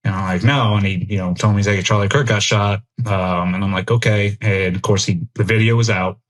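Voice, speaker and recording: In a podcast interview, a middle-aged U.S. military veteran reflects openly on his experiences. He has a low-pitched, brisk delivery with little variation in pitch, and his manner is earnest as he thinks aloud.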